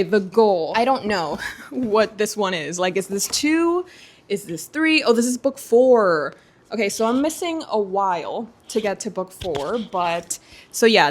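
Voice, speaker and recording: A young woman hosting a book unboxing vlog, gushing and excitable, with lots of exclamations as she opens her books. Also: mid-range voice. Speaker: booktuber.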